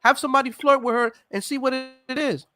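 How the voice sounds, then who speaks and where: A man hosting a casual chat, emphatic and quick to agree. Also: extremely high pitch, pushed and bright, faint music behind. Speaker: host.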